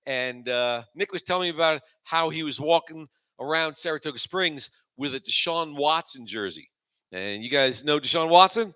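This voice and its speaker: A man's voice: a little high, animated, moderate pace, bright, forceful tone, clean tone. A man in his forties hosting a comedy open mic, rambling loosely between dry, self-mocking punchlines. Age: 40s. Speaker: host and stand-up comedian. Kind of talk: stand-up comedy set.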